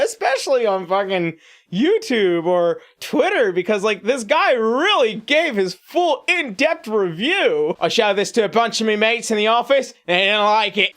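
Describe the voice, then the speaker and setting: A man's voice: extremely high pitch, fairly bright tone. Profane, sarcastic guy ranting. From United States. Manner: crude, profane, sarcastic, halting restarts. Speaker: YouTube commentator. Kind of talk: comedic commentary rant.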